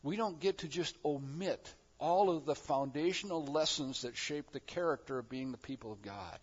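A man preaching a sermon as pastor, moving between quiet reflective passages and loud, emphatic declarations. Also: a little high, normal speed, slightly rough, lo-fi sound.

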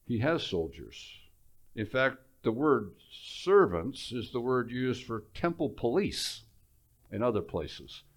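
Slow and medium in pitch, a man preaches a sermon, animatedly recounting the story while repeating words and going quiet to stress points.

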